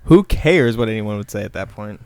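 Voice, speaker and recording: A man's voice: on the low side, lively intonation, fairly quick, darkish tone, dry recording. An American man co-hosting a podcast, teasing the others in casual chat. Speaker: podcast co-host.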